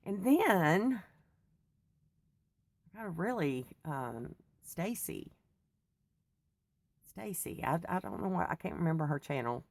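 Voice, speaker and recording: Low-voiced middle-aged woman vlogging, wired on coffee, keeps going off on tangents. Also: big pitch swings, slow pace, gravelly, long pauses, no echo. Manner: chatty, digressive, laughs often. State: wired on coffee after little sleep. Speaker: faith vlogger. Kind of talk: rambling personal talk.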